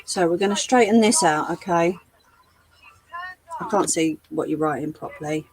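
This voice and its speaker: A woman hosting a live sewing tutorial, chatting to her viewers as she works, her voice going a little hoarse. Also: on the low side, normal speed, over music, low-quality recording. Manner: chatty, talks to live chat while demonstrating. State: losing her voice. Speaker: craft livestream host.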